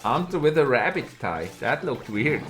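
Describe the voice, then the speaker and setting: Swiss German male caster, lively and chatty, over a low bed of music. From Switzerland. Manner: excitable, chatty, reads out chat and laughs. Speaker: esports caster and streamer. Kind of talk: live game commentary.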